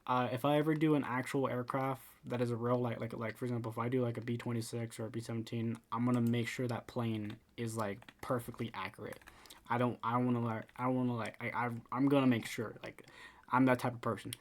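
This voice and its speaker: A man at medium pitch talks viewers through a game building tutorial in a loose, casual way. He restarts his sentences often and repeats words as he goes. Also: flat delivery, fast.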